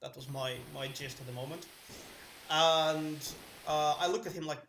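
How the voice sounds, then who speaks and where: A man's voice: a little high, normal speed, a bit bright, reverberant, a little hiss or hum. A man playing his character in a tabletop game, talking earnestly with many restarts. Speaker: player. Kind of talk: in-character tabletop role-play.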